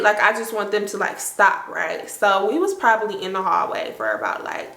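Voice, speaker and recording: A young woman vlogger telling a storytime to her viewers in a casual, animated way, full of "like" and acted-out quotes. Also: medium pitch, normal speed, vocal fry, few pauses, reverberant. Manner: animated, heavy use of "like", acts out quotes.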